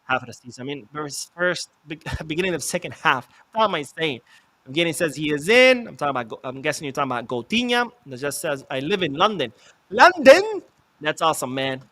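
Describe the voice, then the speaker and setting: A man's voice: a little high, animated, quick pace, sharp tone, no echo. A man hosting a live football watch-along, reacting to the match, reading chat messages aloud and swearing when his team misses chances.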